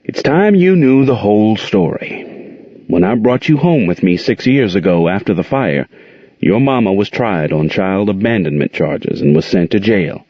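A patient older aunt who soothes her young nephew in a soft, gentle voice, as a man reads her part. The voice is low and husky. It comes through a dull, close-miked recording. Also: expressive, normal speed, dry recording. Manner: soft, soothing, calls him child.

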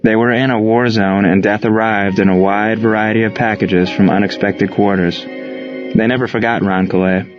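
Male audiobook narrator, low voice, measured solemn read, dull sound with faint music. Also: fairly even intonation. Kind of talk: scripted narration.

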